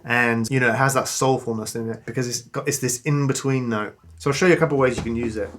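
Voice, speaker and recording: A man giving a casual guitar lesson, relaxed and enthusiastic, pausing to play between phrases. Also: medium pitch. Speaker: guitar teacher. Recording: clean guitar loud behind. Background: guitar playing.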